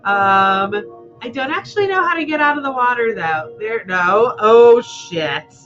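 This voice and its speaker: A woman's voice: fairly high pitch, big pitch swings, moderate pace, pushed and bright, muffled recording, soft background music. A woman rambling and chatting to herself as she plays through a game. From United States. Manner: rambling and chatty, talks to herself while playing. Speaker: gamer playing through a game. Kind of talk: let's play commentary.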